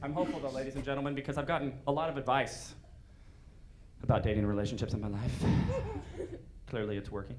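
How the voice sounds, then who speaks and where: A man doing a stand-up comedy set on stage, animated and breaking into shouted punchlines. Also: medium pitch, quick pace, long pauses, background noise. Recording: live show with audience laughter. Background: crowd laughing.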